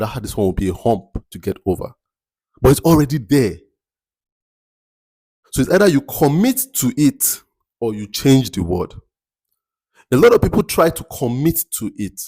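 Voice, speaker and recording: A man with a Nigerian accent hosting a faith-based motivational podcast, speaking slowly and deliberately and repeating words for emphasis. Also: mid-range voice, a little mellow, no room sound, studio quality. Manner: slow, deliberate, picks words carefully with emphatic repetition. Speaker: podcast host.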